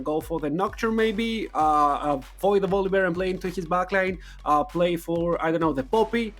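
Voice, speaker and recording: Male esports analyst, fairly high voice, halting delivery with restarts and dry jokes, live broadcast desk.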